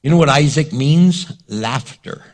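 A man's voice: fairly high pitch, unhurried. A male pastor preaching a sermon in a dramatic way, acting out scenes and quotes.

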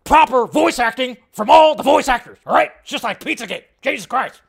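A man voicing a ranting conspiracy talk-show host, loud and indignant. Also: very high voice, expressive, vocal fry, voice pushed up, heavily acted. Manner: loud, indignant, rapid outrage.

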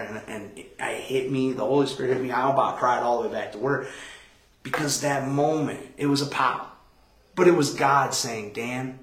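A man pastor giving a conversational Bible study sermon, telling stories with animated quoted voices. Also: medium pitch. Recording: echoey room.

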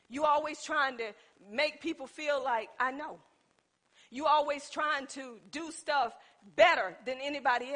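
High bright-voiced woman preaching. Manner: conversational preaching that builds to impassioned calls; informal, addresses the congregation as y'all. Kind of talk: sermon.

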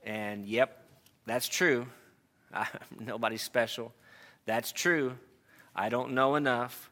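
A man's voice: medium pitch, fairly even intonation, slow, bright, forceful tone. A man preaching an earnest sermon to a congregation, reading scripture aloud and stressing key words. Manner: earnest, reads scripture aloud, emphatic asides.

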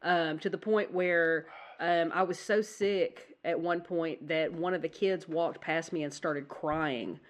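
A woman co-hosting a casual podcast chat while sick with the flu, coughing now and then, chatty and quick to laugh. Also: low voice, steady tone. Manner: chatty, rambling, laughs easily. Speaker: podcast co-host.

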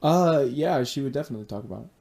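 A man co-hosting a podcast, telling stories in casual chat with halting restarts. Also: medium pitch, animated, creaky, darkish tone. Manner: halting, repeats words and restarts. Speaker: podcast co-host.

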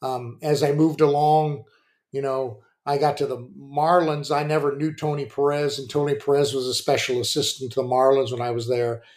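An older man, a former pitcher and coach, telling rambling stories on a podcast with plenty of restarts and fillers. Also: little pitch movement, normal speed, a little mellow. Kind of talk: casual storytelling.

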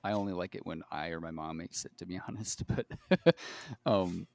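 A man's voice: deep voice, moderate pace, creaky, a little mellow, dry recording. A man co-hosting a casual podcast, chatty, hedging his opinions and taking them back. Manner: chatty, hedging, self-correcting. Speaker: podcast co-host. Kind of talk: casual chat.

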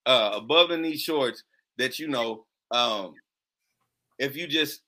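A man's voice: medium pitch, slow, sharp tone, low-quality recording. A man co-hosting a podcast in a casual, candid chat, swearing freely. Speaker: podcast co-host.

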